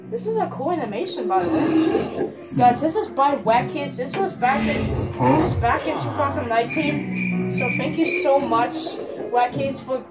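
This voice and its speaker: A woman hosting a casual reaction video on a headset, chatty and excitable, talking back at the screen. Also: high-pitched, poor audio. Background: music from the video being watched.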